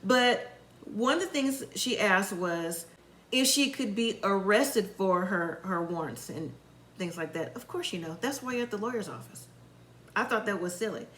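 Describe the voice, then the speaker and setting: A woman's voice: mid-range voice, expressive, normal speed, fairly bright tone, reverberant, a little hiss or hum, rough recording. A woman giving a casual, opinionated recap of a reality show, acting out what the people said. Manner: chatty, opinionated, acts out quotes.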